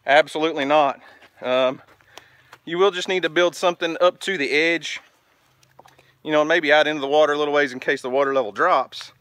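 A man's voice: fairly high pitch, fairly even intonation, a little fast, long pauses, a bit bright. A man, vlogging outdoors by a farm creek in a folksy way and talking to the camera while out of breath. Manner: folksy, talks to camera and coaxes goats. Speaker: homestead vlogger. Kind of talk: casual outdoor vlog.

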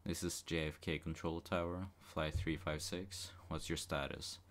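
A man reading a monotone control-tower officer. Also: very deep voice, unhurried. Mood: deadpan. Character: male air traffic controller, businesslike.

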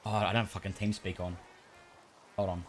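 A man's voice: sits low, level tone, moderate pace, faint music behind. A man streaming a game, chatting casually, swearing often and laughing a lot. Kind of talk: casual gaming stream chat.

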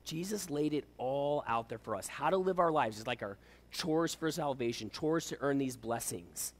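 A man's voice: medium pitch, animated, normal speed. A man preaching a sermon as a pastor, pressing his listeners with rhetorical questions.

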